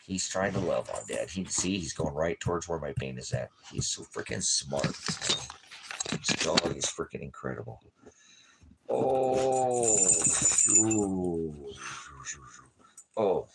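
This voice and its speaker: There's a noisy background behind this man's extremely low, creaky voice, and he keeps a moderate pace. A small-ministry preacher, he meanders through an unscripted livestream-style talk, full of jokes and asides to his dog.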